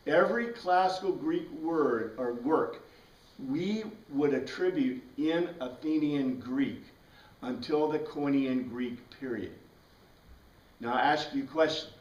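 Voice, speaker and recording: A man leads a Bible class in an easy, conversational way, tossing questions to his students as he goes. His voice sits a bit high. He is picked up from across an echoey room. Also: a little slow, far from the mic. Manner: conversational, asks the class questions, frequent "right?". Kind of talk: informal classroom lecture.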